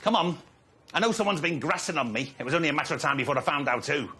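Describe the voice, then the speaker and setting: An actor playing a gossipy middle-aged male salon owner who trades in quick, cutting quips. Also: a little high, animated, sharp tone, breathy edge, heavily acted. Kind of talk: sitcom acting.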